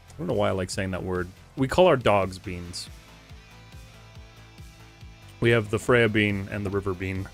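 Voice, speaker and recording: Gravelly chatty man streaming live. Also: lowish voice, fairly quick. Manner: rambling, joking, reads chat aloud. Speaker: livestreamer. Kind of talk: casual live-stream chat. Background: music playing on stream.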